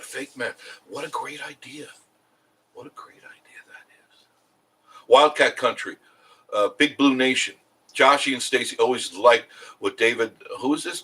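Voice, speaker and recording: A man's voice: medium pitch, pushed and bright, slightly rough, low-quality recording. Brief: middle-aged male host, loose chatty live-stream delivery, frequent chuckles, mid-range voice. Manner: rambling, chuckles often, answers viewer comments. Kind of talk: casual live stream chat.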